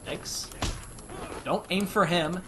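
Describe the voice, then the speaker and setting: A fairly high-voiced man rambles through a live game stream, answering viewers and urging his character on. Game music plays clearly behind him throughout. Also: steady tone, slow pace. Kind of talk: casual live-stream commentary.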